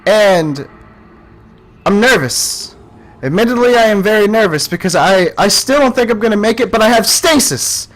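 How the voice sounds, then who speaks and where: A young man playing a horror game, yelping and shouting in panic between calmer running commentary. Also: sits high, normal speed. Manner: screams and yelps in panic, then talks calmly. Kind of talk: let's play commentary.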